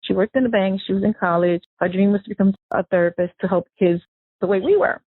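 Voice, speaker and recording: A woman, the victim's sister, recounting memories of her sibling in an emotional, animated way, acting out the dialogue she quotes. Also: medium pitch, fast talker, husky, no echo. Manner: animated storyteller who acts out quoted dialogue. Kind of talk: emotional first-person recollection. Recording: tinny phone-line audio.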